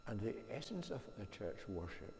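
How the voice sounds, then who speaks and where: Deep gravelly preacher in echoey hall. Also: male voice, very animated, darkish tone. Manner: earnest, measured, rhetorical questions. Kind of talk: sermon. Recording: echoey church hall reverb, faint hum.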